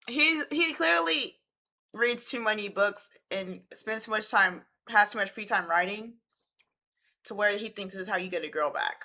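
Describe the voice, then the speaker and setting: A woman's voice: medium pitch, unhurried, long pauses, bright, forceful tone. A young woman giving casual, slangy reaction commentary as she talks back to a clip. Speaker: reaction video host.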